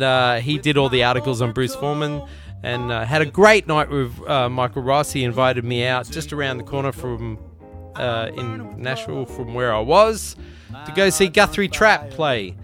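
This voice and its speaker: A man's voice: medium pitch, a bit bright. Profane Australian man hosting a podcast. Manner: loose, profane, rambling and jokey. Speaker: podcast host. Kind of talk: casual chat.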